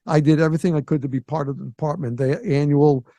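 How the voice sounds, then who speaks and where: A man in his sixties hosting a podcast, telling a story in a lively way and acting out the voices of the people in it. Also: fairly high pitch, quick pace, no echo. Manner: animated storyteller who acts out quoted voices. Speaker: podcast host. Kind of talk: casual storytelling.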